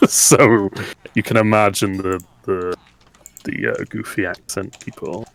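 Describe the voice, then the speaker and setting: A young man with a very low voice chats while playing a game together with a friend. He talks on freely and laughs easily, in a loose, easy manner. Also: steady tone, slow pace, vocal fry, dry recording, low-quality recording. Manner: chatty, laughs often. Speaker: let's play co-host. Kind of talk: casual gaming chat.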